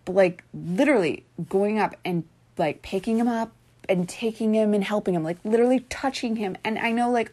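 A woman's voice: medium pitch, a little fast, warm tone. A woman hosting a podcast, rambling earnestly in a Valley-girl-ish way with lots of "like" and casual swearing. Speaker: podcast host. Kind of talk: casual spiritual monologue.

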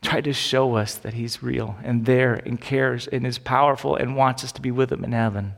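A man's voice: mid-range voice, steady tone, normal speed, gravelly. A male pastor preaching a sermon, telling a Bible story with acted-out quotes and building to emphatic peaks. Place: church sanctuary. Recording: long reverb of a church hall.

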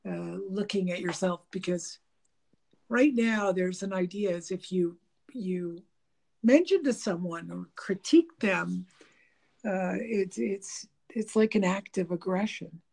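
Gravelly, mellow-voiced woman chatting casually. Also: medium pitch, unhurried. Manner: rambling, with frequent fillers and restarts; animated, laughing, mimics dialogue. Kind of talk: casual conversation about relationships.

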